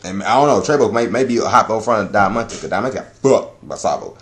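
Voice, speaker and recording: A man giving a casual chapter review, talking in a loud, profane, rambling way that is full of laughter. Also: lowish voice, fast talker. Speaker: anime and manga reviewer.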